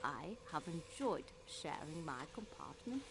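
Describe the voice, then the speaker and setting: A woman voicing a pious older female nurse in a game, earnest, halting and emotional. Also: low-pitched, big pitch swings, over a noisy crowd, full character voice. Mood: devout.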